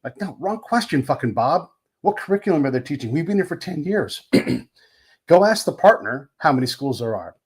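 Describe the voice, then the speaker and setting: Podcast host, man, husky and animated, wide-ranging pitch, profane. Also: moderate pace. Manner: animated storyteller, profane, acts out voices. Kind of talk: casual interview chat.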